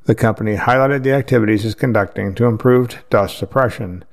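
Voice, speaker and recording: A man reading news articles aloud in a steady, measured way, with the odd slip. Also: on the low side. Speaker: news reader.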